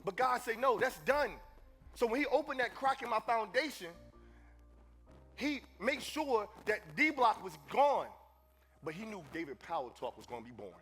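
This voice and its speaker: A man giving a live motivational speech at a conference, preacherly, moving between hushed confession and loud calls to the audience. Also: high voice, very animated, normal speed, faint music behind. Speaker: motivational speaker. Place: conference stage before an audience.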